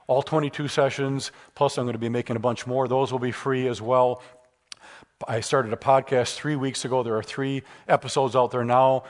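A man giving a public lecture with Q and A, conversational and emphatic, moving into stories. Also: mid-range voice. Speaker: guest speaker.

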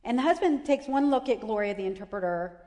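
A woman's voice: a little high, expressive, fast talker, mellow, long reverb tail. A middle-aged woman telling a personal faith testimony, emotional and full of restarts. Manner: emotional storytelling with many restarts. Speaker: speaker giving a testimony.

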